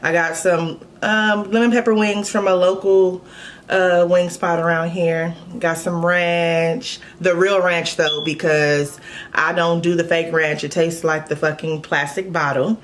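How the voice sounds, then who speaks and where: Woman, from Los Angeles, casual mukbang vlogger, chatty, swears, lowish voice, faint background noise. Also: steady tone, unhurried. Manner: laid-back, chatty, swears freely. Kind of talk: casual chat. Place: at home.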